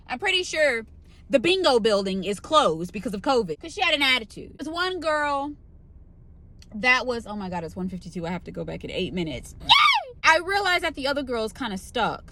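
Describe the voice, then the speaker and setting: A young woman tells an exasperated, profanity-laced story about her new job. Her voice sits a little high and swings widely as she vents. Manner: profane, exasperated, animated retelling with quoted voices. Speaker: pharmacy technician. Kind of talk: ranting storytime vlog.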